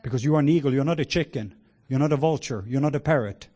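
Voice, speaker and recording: A man preaching a sermon with passion, moving between hushed words and loud exclamations. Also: mid-range voice, quick pace, slightly rough. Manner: sprinkles in laughter and cries of "whoa".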